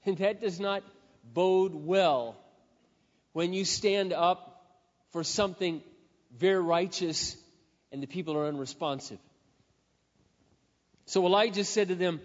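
A man preaching a sermon, telling a scripture story dramatically and swinging between loud passages and hushed asides. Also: high-pitched, a little slow, pauses often. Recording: reverberant hall, dull lo-fi sound.

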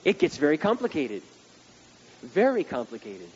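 A male preacher giving a blunt, emphatic sermon that rises to loud outbursts. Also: a little high, huge pitch swings, normal speed, husky. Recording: dull recording with background hiss.

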